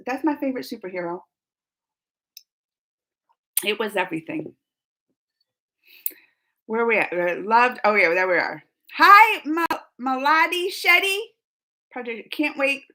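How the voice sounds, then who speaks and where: A young woman with a high voice hosts a casual live stream for her viewers. Reading their comments as she goes, she laughs often and gushes excitedly.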